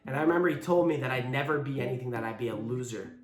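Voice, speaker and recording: A man's voice: mid-range voice, rapid-fire. A young man telling a personal story in a casual vlog, candid and blunt, acting out the lines of the people in it. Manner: candid, blunt, with swearing and quoted dialogue. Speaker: YouTuber telling his story. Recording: echoey room with faint guitar music.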